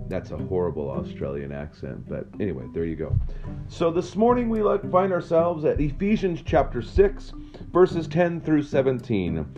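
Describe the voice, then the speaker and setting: A man giving a daily devotional and reading scripture aloud, measured and slowing at the end of each reading. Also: medium pitch, big pitch swings. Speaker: devotional speaker. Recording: dull lo-fi recording with faint guitar. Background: soft guitar music.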